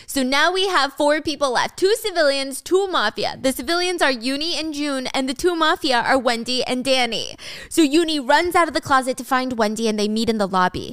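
A young woman tells a drama recap in a chatty, animated way. Her voice is smooth, clear and a bit high, recorded close in a dry room. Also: normal speed, no echo. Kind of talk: casual drama recap narration.

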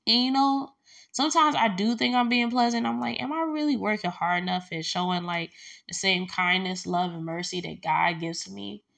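A woman's voice: medium pitch, normal speed, creaky. Woman rambling through a story. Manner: rambling, animated, acts out quoted exchanges with filler words. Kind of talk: casual storytelling vlog.

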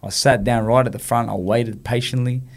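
A man's voice: mid-range voice, normal speed. An Australian man as an interview guest, telling stories casually and acting out the dialogue, with many "you know"s. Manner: animated, acts out quoted dialogue, frequent "you know". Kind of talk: casual storytelling in conversation.

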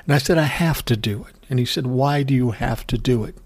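A man's voice: medium pitch, a little fast. An older man hosting his own podcast, telling rambling, profane stories with self-amused laughs in a casual solo chat. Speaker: podcast host.

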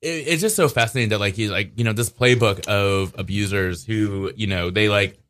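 A man's voice: lowish voice, moderate pace, a bit bright. A man hosting a casual chat show, talking in a rambling, hesitant way with many fillers. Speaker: podcast host.

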